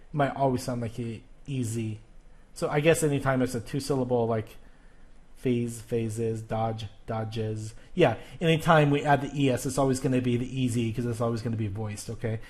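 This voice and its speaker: A man's voice: medium pitch, fairly even intonation, moderate pace, darkish tone. A male teacher explaining an exercise in a recorded video lesson, patient and self-correcting as he goes step by step.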